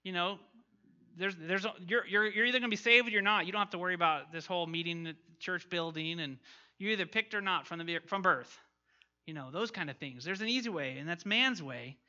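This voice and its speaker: A man's voice: sits high, fairly quick, bright, forceful tone, highs cut off. A man teaching an interactive Bible lesson, questioning his class and reading scripture aloud.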